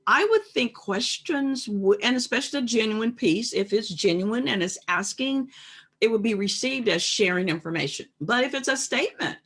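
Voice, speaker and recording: A woman's voice: fairly high pitch, expressive, normal speed, fairly bright tone, breathy edge. A woman co-hosting a casual discussion, reflective and emphatic, making her points carefully. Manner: reflective, emphatic, acts out quoted remarks. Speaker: co-host.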